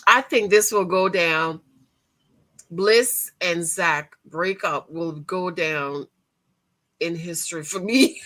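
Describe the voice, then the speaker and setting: A woman casually recapping a reality TV episode, chatty and emphatic, talking straight to her viewers and breaking into excited outcries. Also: lowish voice, slow pace. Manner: bursts into excited loud outcries. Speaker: TV show recap host.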